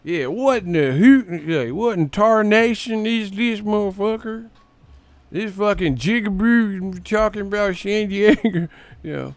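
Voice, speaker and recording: A rowdy rural Texan bellows and drawls threats, as a man puts him on. The voice jumps up high and gets loud and wild. It sounds dry and close to the mic. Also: drawn-out words, long pauses, no room sound, faint music behind, exaggerated voice. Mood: mocking threat.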